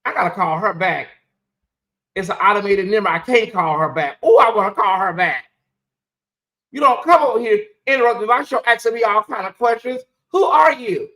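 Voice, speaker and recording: Woman, live-stream host, casual chat, animated rant, frequent laughter, middle pitch. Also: moderate pace. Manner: animated, ranting, laughs often. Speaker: livestream host.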